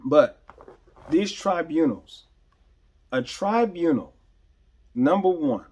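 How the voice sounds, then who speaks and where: Talking straight to listeners in an unscripted commentary monologue, this male podcast host sounds earnest, emphatic, and preacherly, leaning on key words and restarting phrases. His voice is a little high and a little mellow, with lively intonation and a slow pace.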